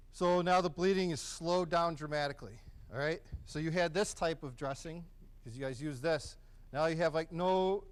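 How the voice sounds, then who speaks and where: A man teaching a hands-on first aid class in a casual, encouraging, conversational way in a training room. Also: on the high side.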